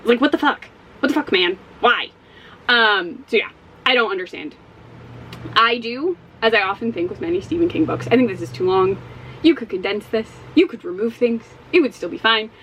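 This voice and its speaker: A woman giving a casual spoken book review as a vlogger, animated and exasperated, swearing often. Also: mid-range voice, moderate pace, slight background noise, rough recording.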